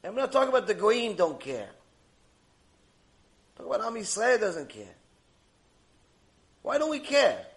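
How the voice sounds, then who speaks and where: A middle-aged man teaching a mussar lecture, animated and rebuking, acting out mocking bits of dialogue. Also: high voice, a little slow, long pauses. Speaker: Torah teacher.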